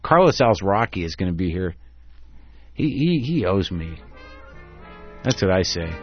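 A man's voice: low voice, big pitch swings, moderate pace, husky, lo-fi sound, faint music behind. A man hosting a radio talk show, rambling in a sarcastic, casual way with lots of restarts.

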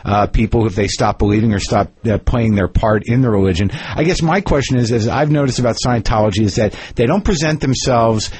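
A man's voice: medium pitch, darkish tone. A man hosting a radio interview, joking and cutting in with questions. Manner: fast-talking, joking, interrupts. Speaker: radio host.

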